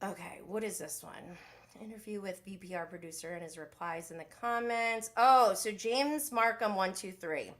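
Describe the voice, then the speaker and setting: A woman hosting a casual live recap show, chatting in an animated, gossipy way and reading viewer comments aloud. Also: mid-range voice, normal speed. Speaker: podcast host.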